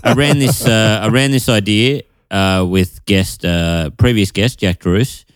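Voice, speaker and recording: A man co-hosting a comedy podcast over a video call, rambling and stammering as he pitches a joke, often laughing at himself. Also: measured pace, clean tone, dry recording, clean studio sound. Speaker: podcast co-host. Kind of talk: casual comedy chat.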